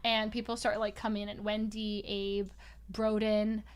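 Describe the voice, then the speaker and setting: A young woman chatting casually, telling an animated story, laughing often and acting out what others said. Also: medium pitch, moderate pace, clear, resonant tone. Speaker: podcast co-host.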